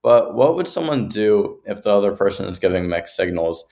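A man's voice: lowish voice, big pitch swings, normal speed, creaky, dark tone. A young man interviewing an advice guest, who thoughtfully sets up his questions at length.

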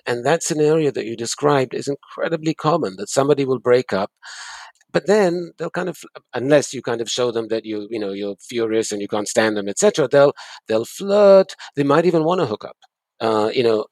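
Man, advice guest; gravelly, husky, earnest and emphatic, dry close sound. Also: medium pitch, darkish tone, dry recording. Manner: earnest, emphatic, repeats key words. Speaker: guest expert on breakups. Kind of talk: advice interview.

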